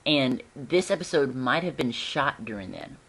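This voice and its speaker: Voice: mid-range voice, lively intonation, moderate pace, fairly bright tone, breathy edge. A fan reviewer chatting casually at home, rambling with frequent giggles and restarts.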